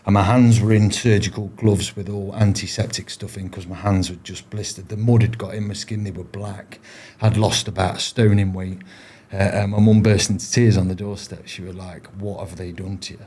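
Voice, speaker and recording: A man's voice: on the low side, little pitch movement, normal speed, few pauses, a little mellow, breathy edge. A man, a former paratrooper, telling his stories in a casual interview, rambling with frequent restarts and fillers. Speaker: podcast guest, former paratrooper.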